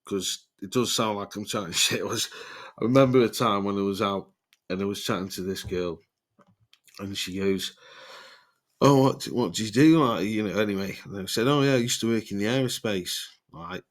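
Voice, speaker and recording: A man's voice: lowish voice, a little fast, a bit bright. A man, telling rambling podcast stories full of swearing and laughter. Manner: rambling, swears a lot, laughs mid-sentence. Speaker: podcast host. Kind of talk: casual storytelling.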